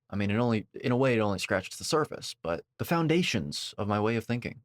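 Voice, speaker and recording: A man commenting on a video, lecturing and sarcastic, with sudden high-pitched outbursts. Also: big pitch swings, fairly quick.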